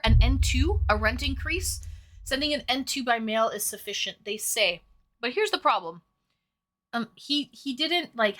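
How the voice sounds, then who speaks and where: A woman's voice: on the high side, sharp tone. A woman streamer chatting casually with viewers, reading their messages aloud and swearing freely. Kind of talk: casual chat.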